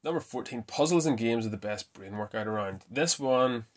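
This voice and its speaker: A man hosting a casual fitness talk, chatty and quick to correct himself with a laugh. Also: mid-range voice, lively intonation. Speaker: fitness podcast host. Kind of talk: casual myth-busting talk.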